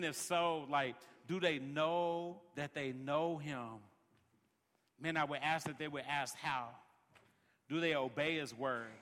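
A man's voice: a little high, fairly bright tone, long reverb tail. A man preaching a sermon as pastor, peppering his lines with "man" and building rhythmic refrains. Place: large worship center.

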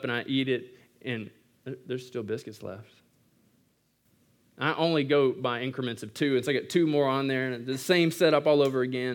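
Animated preaching man, conversational and playful. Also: medium pitch. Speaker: pastor. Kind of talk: sermon.

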